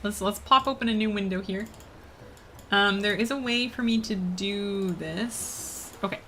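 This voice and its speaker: Bright chatty Canadian woman streamer. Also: mid-range voice, unhurried, a little hiss or hum. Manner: chatty, rambling, laughs easily, many fillers. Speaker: game streamer. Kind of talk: casual gaming stream chat.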